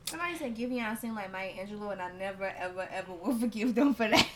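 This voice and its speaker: Bright, playful young woman from Alabama. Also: mid-range voice, fast. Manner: playful, joking, laughs often. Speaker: podcast co-host. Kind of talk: casual chat.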